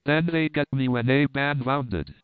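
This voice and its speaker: Wounded sailor, broken English, low and faint, read by a man; tinny, dry recording. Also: expressive, a little slow, clear, resonant tone, no echo, natural voice. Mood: weak. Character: dying Swedish sailor, adult male, gentle and honest.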